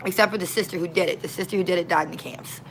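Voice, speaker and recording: A woman street minister in casual, slangy storytelling, folksy and animated. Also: lowish voice, racing, slight background noise, rough recording.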